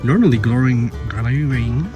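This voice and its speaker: A man's voice: mid-range voice, unhurried, over music. A man hosting a gardening channel, stumbling over his lines, restarting and laughing at himself. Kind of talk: blooper reel of casual garden vlogging.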